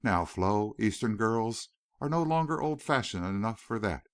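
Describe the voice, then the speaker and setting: A man's voice: fairly low pitch, lively intonation, measured pace, smooth, no echo, studio quality. A male narrator voicing an earnest, wistful young veteran turned rancher in an audiobook.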